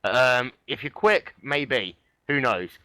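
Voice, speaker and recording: Male commentator, sim racing broadcast, joking manner, forceful tone, close dry sound. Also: mid-range voice, expressive, takes it slowly, clean tone, no room sound, poor audio. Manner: chatty, joking, upbeat. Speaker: lead commentator.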